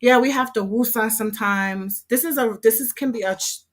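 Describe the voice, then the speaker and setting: A woman hosting a casual livestream, talking in a chatty, heartfelt and expressive way as a hair program instructor. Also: on the high side, a little fast.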